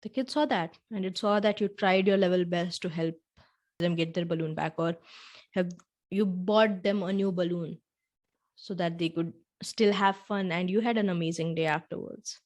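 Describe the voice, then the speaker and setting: A woman with a slightly low voice hosts a reflective storytelling podcast. She walks the listener through a scene in the second person, unhurried and with gentle asides. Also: steady tone. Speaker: podcast host.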